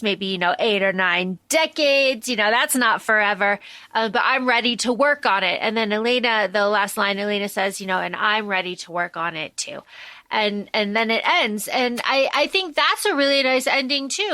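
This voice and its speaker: A woman's voice: on the high side, normal speed, dry recording. A woman co-hosting a podcast, chatting casually about a book and acting out lines from the story as she retells it. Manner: animated, acts out character lines while retelling the plot. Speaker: podcast co-host.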